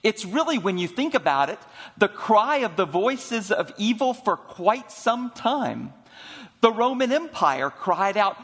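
High-voiced preacher in a reverberant sanctuary. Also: male voice, animated, fairly bright tone. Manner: storytelling preacher, slows down for emphasis. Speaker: senior minister. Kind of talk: sermon. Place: church sanctuary. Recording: long reverb of a large sanctuary.

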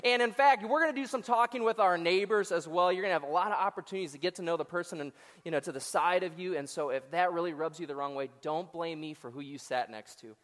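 A man with a high voice preaches in a lively, joking way, teasing the congregation and asking them to talk back. He is an associate pastor speaking to hundreds of people in a church auditorium. The sound carries a long hall echo. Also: quick pace. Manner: joking, talks back to the crowd. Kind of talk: sermon.

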